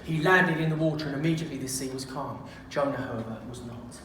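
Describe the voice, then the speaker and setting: A man's voice: medium pitch, fast, fairly bright tone. A man telling a comic story playfully, laughing at his own jokes. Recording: echoey room, distant mic, noisy.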